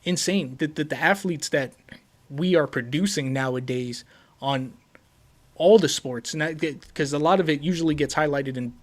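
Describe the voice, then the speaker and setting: A Puerto Rican man hosting a casual sports podcast, talking excitedly and repeating himself with many fillers. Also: fairly high pitch, moderate pace. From Puerto Rico. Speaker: podcast host.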